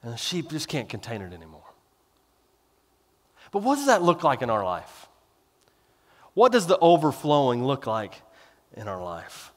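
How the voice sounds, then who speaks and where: A man's voice: mid-range voice, wildly swooping pitch. Male pastor, sermon delivery, conversational and emphatic; long hall reverb. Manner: conversational, emphatic, drawn-out stresses.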